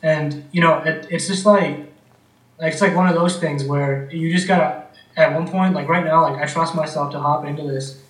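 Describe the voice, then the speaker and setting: A man in relaxed conversation, talking in a laid-back way, often calling his friend "man" and telling stories with energy. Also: on the high side, moderate pace, recorded from a distance. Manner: laid-back, says "man" a lot, animated storytelling. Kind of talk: casual chat. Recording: roomy, off-mic.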